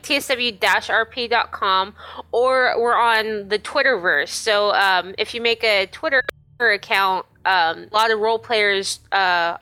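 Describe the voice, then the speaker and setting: A woman's voice: mid-range voice, bright, forceful tone. A woman co-hosting a casual podcast, chatty and full of fillers. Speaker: podcast co-host.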